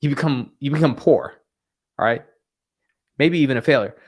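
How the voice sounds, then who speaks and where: A sales coach hosts a motivational live stream from a room lined with bookshelves. His mid-range voice moves at normal speed, and his delivery is blunt, emphatic and scolding.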